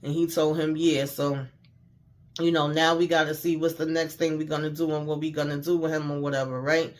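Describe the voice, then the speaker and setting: A man's voice: on the high side, level tone, fairly quick. Slangy man recapping a TV episode. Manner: retells scenes by quoting characters, slangy with mild cursing. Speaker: TV show recapper.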